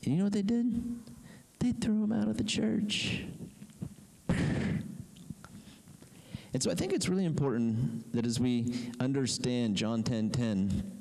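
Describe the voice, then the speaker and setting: A man preaching a sermon emphatically, with slow, drawn-out pauses. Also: medium pitch, gravelly, a little mellow, rough recording. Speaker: pastor.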